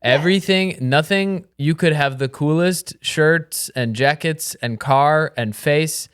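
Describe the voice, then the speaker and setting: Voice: medium pitch, slow pace, clear, resonant tone. A podcast co-host chatting with their sibling, emphatic and playful, repeating phrases to land a point. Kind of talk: casual chat between siblings.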